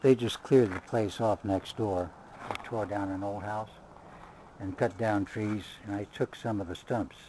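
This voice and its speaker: A man's voice: on the low side, steady tone, unhurried, noisy background. An older man giving a chatty running commentary outdoors as he works on his car. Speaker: vlogger. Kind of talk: casual do-it-yourself vlog.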